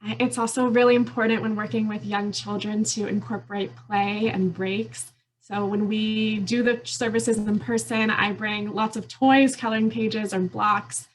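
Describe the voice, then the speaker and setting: A woman's voice: medium pitch, steady tone, a little slow, a little hiss or hum, rough recording. A woman lawyer giving an earnest, explanatory conference presentation with occasional fillers. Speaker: immigration attorney.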